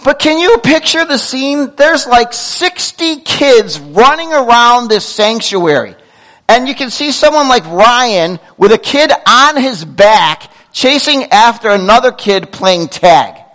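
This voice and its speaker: A middle-aged man preaching a sermon as pastor, telling stories with lively asides and quick self-corrections. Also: extremely high pitch, low-quality recording.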